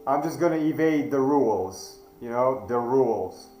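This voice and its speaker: A man, not a native English speaker, telling a personal story slowly and deliberately, with hesitant restarts. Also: medium pitch, animated, warm tone, roomy sound, faint music behind, low-quality recording. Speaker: channel host. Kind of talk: reflective storytelling monologue.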